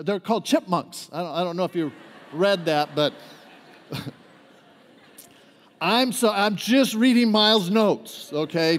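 A man with a high voice preaching a sermon in a church. He jokes and quizzes the congregation as he goes. The long reverb of a large sanctuary trails every phrase. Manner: joking, asks the congregation to respond. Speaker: guest preacher. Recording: echoey church hall reverb.

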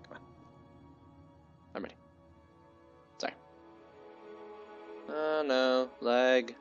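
A man speaks extremely slowly in a mid-range voice with fairly even intonation, giving laid-back, joking commentary while playing a game and occasionally doing silly voices. Game music plays behind him, and the high frequencies are cut off.

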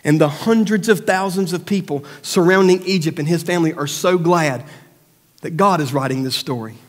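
A man with a high-pitched voice preaches a lively sermon in a church sanctuary, the sound trailing off in a long hall reverb. He acts out the voices of doubt and prayer, then goes soft and low for serious points. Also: normal speed. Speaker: pastor.

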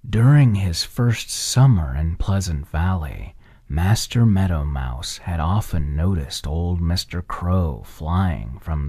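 A man reading an old children's bedtime story in a soft, gentle whispered role-play. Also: sits low, slightly rough. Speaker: ASMR storyteller.

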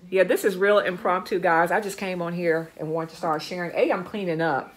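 A woman's voice: lowish voice, brisk, hardly any pauses. Chatty woman gushing over finds. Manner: chatty, gushing, repeats words for emphasis. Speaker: vlogger showing a dumpster-diving haul. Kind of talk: casual chat to camera. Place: home, indoors.

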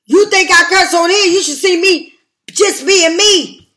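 Blunt, cursing older woman, high voice. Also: a little slow, bright, forceful tone. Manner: blunt, profane and emphatic. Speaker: tarot reader. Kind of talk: casual tarot reading monologue.

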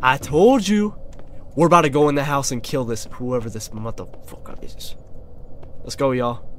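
A young man with an excitable, profane manner, commentating a horror game let's play and talking straight to his viewers. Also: medium pitch, moderate pace, slight background noise. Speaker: gaming YouTuber.

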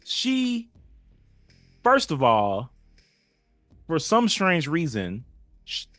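A man's voice: on the high side, extremely slow, dry recording, faint music behind. Man guest acting out scenes. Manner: lively storytelling that acts out characters' lines, laughs often. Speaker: podcast guest. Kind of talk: casual chat.

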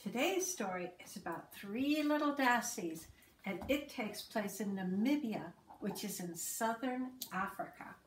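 Unhurried woman reading a storybook aloud. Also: medium pitch, lively intonation, a little hiss or hum. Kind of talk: reading a picture book aloud to children.

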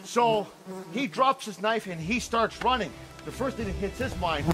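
A young man from northern Canada telling a story in a casual, animated way, re-enacting his own shouts. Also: high voice, moderate pace, poor audio. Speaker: storyteller giving a tour. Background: music playing under the voice.

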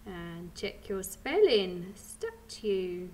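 Slow, patient British woman teaching phonics. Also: medium pitch, sing-song, warm tone. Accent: British English. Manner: slow, patient, sounding out words letter by letter. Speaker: primary school teacher. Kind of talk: phonics lesson for young children.

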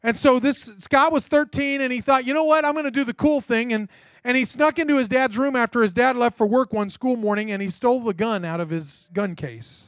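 A man's voice: very high voice, normal speed, no echo. A man, a pastor, giving a sermon in a conversational storytelling way and often checking in with the congregation. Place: church.

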